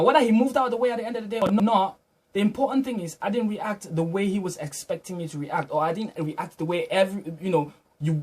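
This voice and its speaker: Male vlogger, slightly high husky voice, earnest reflective storyteller, restarts his phrases.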